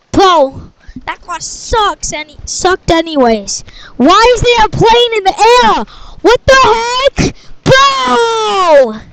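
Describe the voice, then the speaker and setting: A woman improvising a game story, shouting dramatically and switching playful voices, with clicks heard in the background. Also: very high voice, very animated, extremely slow, background noise. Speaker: storyteller voicing all parts.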